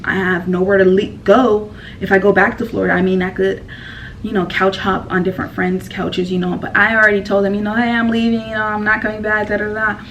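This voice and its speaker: A woman's voice: medium pitch, a bit bright, distant mic, a little hiss or hum, rough recording. A woman telling a personal story in a casual vlog, rambling and emotional with lots of fillers.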